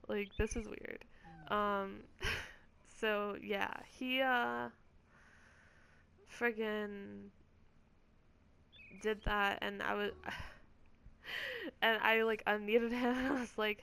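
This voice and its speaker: A woman's voice: medium pitch, fairly even intonation, slow pace, vocal fry, long pauses, fairly bright tone, smooth. A woman gamer vlogger telling a story in a casual, rambling rant, swearing often and filling her speech with "like". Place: at home.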